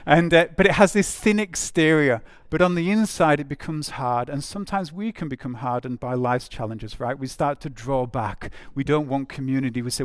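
Gravelly-voiced male preacher, dry sound. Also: mid-range voice, fairly quick, few pauses, no room sound. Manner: conversational, repeats phrases, many fillers. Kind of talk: sermon.

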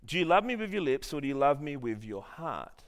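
A man's voice: on the high side, big pitch swings, a little fast. A man voicing his blunt, fussy old grandmother in a sermon anecdote, with a mock-indignant, teasing manner. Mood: reproachful.

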